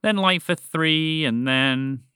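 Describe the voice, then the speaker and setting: A man's voice: on the high side, lively intonation, normal speed, bright, forceful tone, clean tone, no echo, studio quality, pitched above the performer's own voice. A man reading a storybook aloud and voicing a cheerful, knowing mother who answers in a breezy, playfully vague way. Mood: amused.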